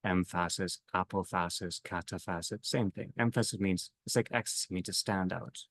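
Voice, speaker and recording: A man with a very low voice leads a reflective theological talk. He speaks in slow, halting phrases that often fade softly at the end. The sound is dry and close, with no room echo. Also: steady tone, gravelly. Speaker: discussion leader.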